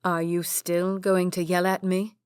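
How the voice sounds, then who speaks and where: A repentant young earl in an audiobook, quiet and apologetic, as a woman narrator reads him. Slightly low voice, dry close sound. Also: little pitch movement, a little slow, clean tone, no room sound, lightly acted.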